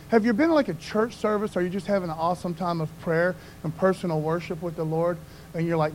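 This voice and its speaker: A man's voice: high-pitched, fairly quick, darkish tone, rough recording. A male pastor giving a casual, conversational sermon, often tagging his lines with "man" and "you know what I mean".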